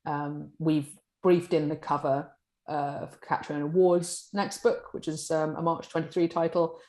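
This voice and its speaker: A woman in a publishing role, answering interview questions in a chatty, animated way. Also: low voice, a little slow. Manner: chatty, animated, acts out colleagues' lines. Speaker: publishing director. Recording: echoey room.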